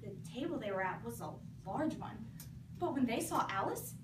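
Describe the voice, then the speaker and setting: A woman's voice: on the high side, normal speed. Teen girl from Georgia telling a storybook tale with lots of expression; distant mic, room noise. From Georgia, USA. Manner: animated, expressive. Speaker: competition performer. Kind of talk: storybook narration. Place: school competition room. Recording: echoey room from far off, noisy.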